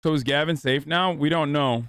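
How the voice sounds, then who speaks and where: Guy in his 30s streaming, sarcastic and swears, smooth higher voice, dry close mic. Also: moderate pace, a bit bright, no room sound. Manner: sarcastic, profane, rambling. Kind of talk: casual livestream commentary.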